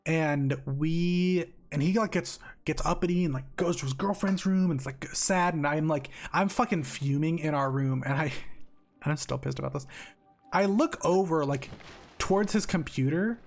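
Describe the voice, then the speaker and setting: A man's voice: fairly high pitch, normal speed. Fired-up young man telling a story. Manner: heated, swears freely, frequent restarts. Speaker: streamer. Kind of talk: casual storytelling while gaming on stream.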